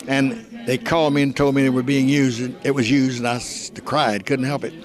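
A man's voice: medium pitch, flat delivery, a little fast. A man in his nineties telling stories in a folksy, earnest, emphatic way during an interview. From United States. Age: 90s. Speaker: voice actor. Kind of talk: casual interview storytelling.

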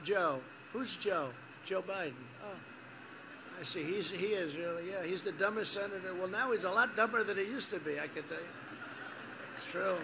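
A man's voice: high voice, brisk, creaky, background noise. An older man, a politician speaking at an outdoor airport campaign rally, in a rambling, repetitive, off-the-cuff style full of mocking asides and boasts. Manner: mocking and boastful, acting out quoted exchanges.

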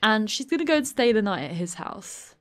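Lively woman narrating a sims game. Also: mid-range voice. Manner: chatty, voices characters' lines in quick asides. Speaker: gameplay commentator. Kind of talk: let's play commentary. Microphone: desk USB microphone.

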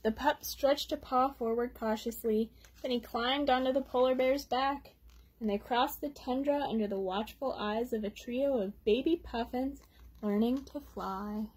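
A woman reading a children's picture book aloud at storytime, gently pausing to explain words for young listeners. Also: fairly high pitch, breathy edge. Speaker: storytime reader.

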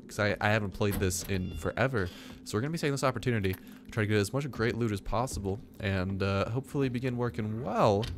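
A man's voice: lowish voice, a little hiss or hum. A young man giving rambling, self-mocking commentary while playing a survival game. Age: young adult. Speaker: gaming YouTuber. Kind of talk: casual let's-play commentary.

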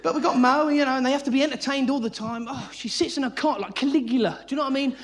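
Frantic high-voiced comedian. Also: male voice, very fast. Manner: frantic, high-energy, swearing, acting out voices. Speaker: stand-up comedian. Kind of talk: live stand-up comedy. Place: theatre stage before a laughing audience. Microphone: stage mic. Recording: live theatre recording with audience noise.

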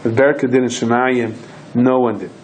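A man's voice: medium pitch, moderate pace, a little hiss or hum, low-quality recording. A man, a rabbi, telling stories in a Torah lecture, acting out his characters' lines. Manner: animated storyteller who acts out voices and shouts in quoted lines.

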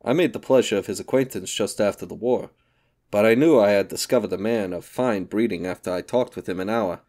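A man reading the part of an older, gloomy and sentimental male gangster in an audiobook, in a brooding, slow-spoken way. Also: on the low side, a little mellow, close to an everyday voice.

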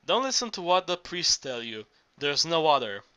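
A man's voice: on the high side, big pitch swings, moderate pace, pushed and bright. A man reading an audiobook aloud, voicing an earthy, boisterous older Greek working man who talks urgently and coaxingly, stumbling and restarting as he goes.

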